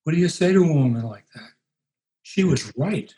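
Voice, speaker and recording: A man in his eighties, a pastor being interviewed, telling stories in an unhurried, reflective way. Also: a little high, animated, dark tone, rough recording. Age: 80s. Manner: unhurried, anecdotal, puts on voices for quoted people. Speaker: guest, pastor.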